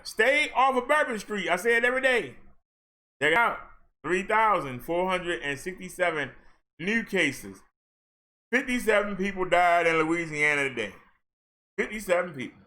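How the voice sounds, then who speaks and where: A man's voice: sits high, bright, forceful tone. A man giving a sarcastic ranting commentary as he reads off numbers. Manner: sarcastic, talks back at the figures he reads. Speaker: commentary vlogger.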